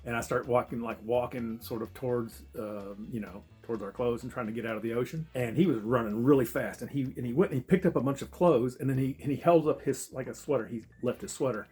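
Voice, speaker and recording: A man spins a wild travel story at a fast clip, swearing freely and laughing between his lines. His voice sits at an ordinary middle pitch, and he tells it loosely and casually. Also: breathy edge, soft background music. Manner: profane, laughing, animated. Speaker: travel vlogger.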